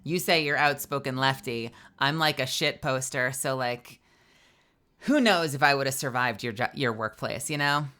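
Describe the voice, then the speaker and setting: A woman in her thirties, a streamer chatting casually with viewers, outspoken and swearing freely, with lots of "like" fillers and an animated delivery. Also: rumbling low. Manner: animated, swings between quick bursts and drawn-out phrases. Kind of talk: casual live-stream chat, answering viewers.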